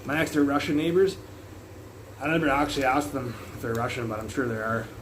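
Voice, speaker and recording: A man rambles loudly through a home cooking stream, swearing often and wandering off topic. His voice sits in a middle range. It comes through a phone mic with steady noise underneath. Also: medium pitch, fairly quick, rough recording. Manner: rambling, loud, swears a lot. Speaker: live streamer. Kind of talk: casual live-stream chat while cooking. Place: home kitchen.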